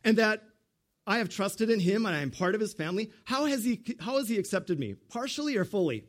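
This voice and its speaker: Male pastor, middle-aged, high tenor voice, animated sermon delivery with big swings. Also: a little fast. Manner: animated preaching, leaps high for emphasis, drops low for asides.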